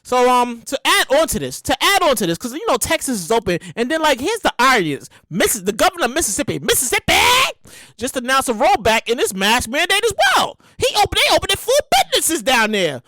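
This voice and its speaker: A woman hosting a podcast in a casual comedic monologue, animated and emphatic, full of slang and swearing. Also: high-pitched, fast, no room sound. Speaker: podcast host.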